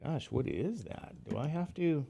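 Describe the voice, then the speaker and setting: A man's voice: a little high, lively intonation, moderate pace, gravelly, dark tone, breathy edge. Tired middle-aged guy teaching math, chatty and rambly, jokes at himself. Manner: rambling, self-deprecating, chatty asides. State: tired, sleepy. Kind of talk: casual classroom lecture.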